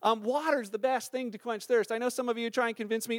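A man's voice: very high voice, quick pace, few pauses, no echo, studio quality. A middle-aged man, a pastor, preaching a sermon in church in a chatty, storytelling way with lots of fillers. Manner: conversational, animated storytelling with many fillers.

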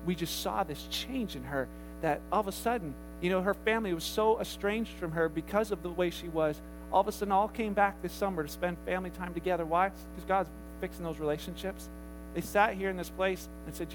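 A man preaching a sermon as pastor in a church, telling stories in a lively way with many restarts and quick asides. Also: high-pitched, noisy background. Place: church sanctuary.

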